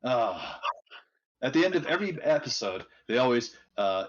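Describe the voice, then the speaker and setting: A man in casual livestream chat, wry and opinionated. His voice is a little husky and swings up and down in pitch. The call audio sounds muffled and lo-fi. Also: big pitch swings, moderate pace. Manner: opinionated, joking.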